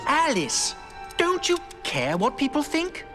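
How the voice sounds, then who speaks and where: A woman's voice: high-pitched, wildly swooping pitch, slow pace, music in the background, exaggerated voice. An actress playing a woman who probes and questions a girl. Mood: probing.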